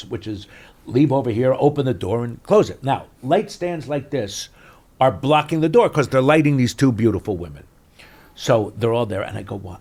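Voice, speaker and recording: An older man, an actor being interviewed, telling anecdotes in an expressive way, swinging between loud and soft. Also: mid-range voice. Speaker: actor, podcast guest. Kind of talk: animated anecdotal storytelling.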